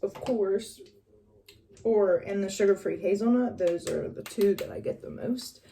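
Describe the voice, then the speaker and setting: A young woman from West Virginia with a mild northern West Virginia accent, chatting casually as she gets ready, rambling and often trailing off quietly. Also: medium pitch, normal speed, gravelly, slight background noise. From West Virginia, USA. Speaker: vlogger. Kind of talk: casual get-ready-with-me chat.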